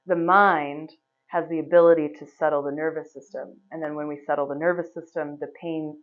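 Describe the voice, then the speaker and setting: Woman guiding a yoga class, easygoing and chatty, kinda dull lo-fi sound. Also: low-pitched. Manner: chatty, laughs often, relaxed instructions. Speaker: yoga teacher. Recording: slightly dull, lo-fi recording.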